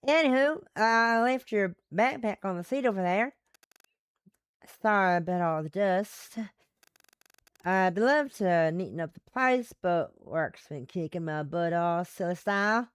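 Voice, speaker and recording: A woman's voice: medium pitch, expressive, a little slow, clear, resonant tone, dry recording, close to an everyday voice. A woman voicing a friendly, chatty adult Southern woman in a visual novel, with a put-on Southern accent and a folksy, neighbourly manner.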